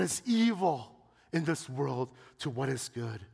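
Gravelly preacher man in a reverberant hall. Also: mid-range voice, very animated, slow, a little mellow. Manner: dramatic storytelling, swelling to impassioned peaks. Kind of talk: sermon.

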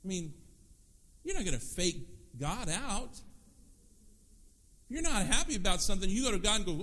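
A man preaching a sermon as pastor, lively and conversational, acting out prayers and quoted voices. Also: sits high, normal speed, pauses often.

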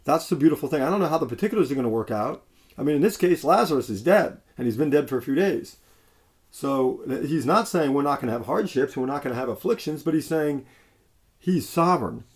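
A man's voice: fairly high pitch, lively intonation, a little fast. A man preaching a sermon in a conversational way, with frequent restarts and fillers.

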